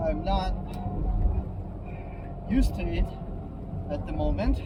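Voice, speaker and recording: A man hosting a casual car chat, talking slowly and hesitantly with frequent laughs, recorded inside a small old car. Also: sits high, wildly swooping pitch, lo-fi sound. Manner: slow, hesitant, laughs often. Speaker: host. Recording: loud car and road noise.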